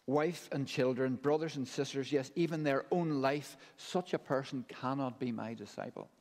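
A man preaching a sermon in a measured, emphatic way, with deliberate pauses between phrases. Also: mid-range voice, a little mellow. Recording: long hall reverb.

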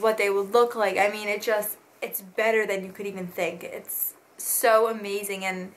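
A woman's voice: mid-range voice, a bit bright, a little hiss or hum. A young woman, a mother, talking casually to her camera in a family vlog, gushing and sentimental about her baby. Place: home and car.

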